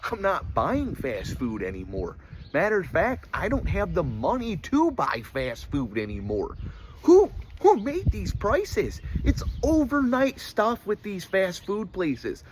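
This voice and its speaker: A young man from the United States delivering a comedic rant monologue, exasperated and animated, slipping into quick put-on voices for the people he mocks. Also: high voice, a little hiss or hum.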